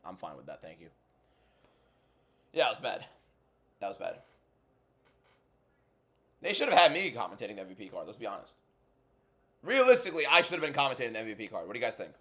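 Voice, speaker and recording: A man hosting a casual fight watchalong livestream, blunt and bantering as he answers chat, moving between a subdued inside voice and loud hyped delivery. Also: lowish voice, wildly swooping pitch, fast talker, long pauses. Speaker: MMA content creator and livestream host.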